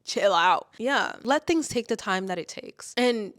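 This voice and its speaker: A woman's voice: fairly high pitch, lively intonation, measured pace. Earnest chatty young woman vlogger. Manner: earnest, chatty, full of "like" and "okay?". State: tearful and emotional while talking about her mother. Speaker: lifestyle vlogger. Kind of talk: casual motivational talk to camera. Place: indoors, filming herself.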